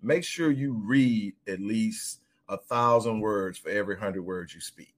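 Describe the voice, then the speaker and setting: Man, fairly low pitch, earnest advice, conversational, repeats words at starts. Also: unhurried.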